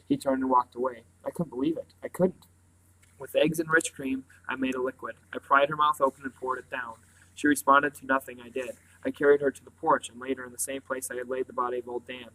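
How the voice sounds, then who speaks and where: A man reads a novel aloud, quiet and earnest, with a slip here and there. His voice is bright and clear-toned, at an average pitch. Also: level tone, a little fast, rough recording. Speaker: reader.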